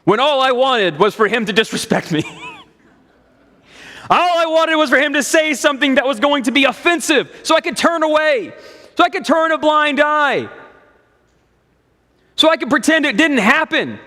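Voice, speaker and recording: A man's voice: very high-pitched, wildly swooping pitch, takes it slowly, long pauses, a bit bright, big-room sound, heavily acted. A man voicing an indignant, wary Samaritan woman who fires sarcastic, incredulous questions.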